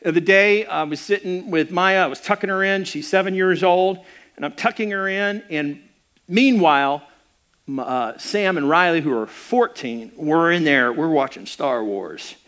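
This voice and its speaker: A man's voice: on the high side, moderate pace. A middle-aged man preaching a sermon as a pastor, telling the story conversationally and acting out the people in it, with frequent restarts. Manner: animated storytelling with acted-out quotes.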